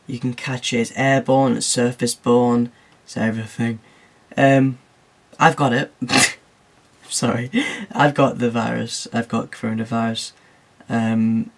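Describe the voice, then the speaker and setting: A man's voice: medium pitch, creaky. A teenage boy talking casually in a vlog, rambling and jokey, often laughing at his own remarks. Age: teens. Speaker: YouTuber.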